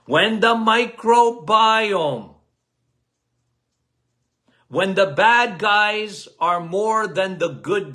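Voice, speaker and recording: A man hosting a health podcast in a casual talk, loud and emphatic, repeating key phrases and calling listeners guys. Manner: loud, emphatic, cannot lower his volume.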